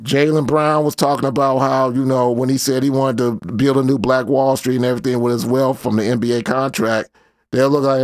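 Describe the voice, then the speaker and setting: A man's voice: mid-range voice, brisk, dry recording, clean studio sound. A man hosting a casual commentary show, talking in a loose slangy way with lots of fillers. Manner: laid-back slangy rambling, many fillers. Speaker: host.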